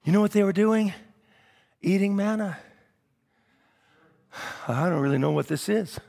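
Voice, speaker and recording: A man preaches with a high, gravelly voice. He swings from ringing shouts to quiet, wry asides and keeps calling for amens. A long church reverb hangs behind him. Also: a little slow. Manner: swings from shouted declarations to low, wry asides, with call-and-response. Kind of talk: sermon.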